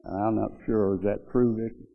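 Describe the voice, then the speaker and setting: An older man delivers a eulogy to mourners at a memorial gathering, rambling through folksy stories about an old friend and saying "you know" a lot. His voice sits on the low side with little pitch movement, a slightly fast pace, and a creaky texture. The sound is phone-quality.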